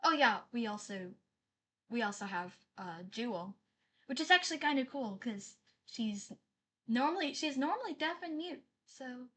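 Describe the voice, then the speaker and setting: Woman streaming live, kinda high voice, chatty and apologetic, reads chat out loud. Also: expressive, normal speed.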